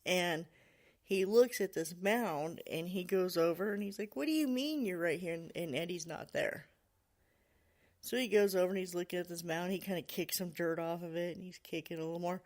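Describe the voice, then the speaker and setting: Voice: medium pitch, darkish tone. A podcast host casually retelling a story, full of "you know" and "like," laughing now and then.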